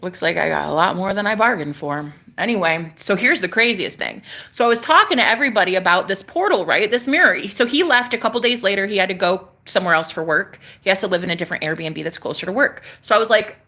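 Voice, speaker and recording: Bright-voiced, excitable woman vlogger. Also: medium pitch, fast, few pauses. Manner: excitable, profane, chatty storytelling. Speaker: spiritual vlogger. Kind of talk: casual storytelling vlog. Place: outdoors on a porch.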